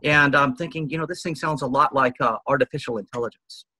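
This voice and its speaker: Interview guest, fifties man, husky and dry-sounding, earnest rambling storyteller. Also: medium pitch, fast talker, sharp tone, no room sound, low-quality recording. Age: 50s. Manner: earnest, rambling, quotes others.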